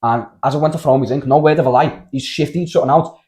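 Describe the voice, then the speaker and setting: A young man with a Scouse accent, telling a story in casual podcast chat, animated and full of slang and swearing. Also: medium pitch, quick pace. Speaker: podcast host.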